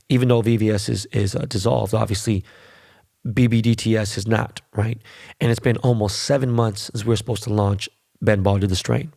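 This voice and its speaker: A man's voice: lowish voice, creaky, a little mellow. A middle-aged man hosting his own podcast alone, ranting in a profane, boastful way. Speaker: podcast host. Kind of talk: solo podcast monologue.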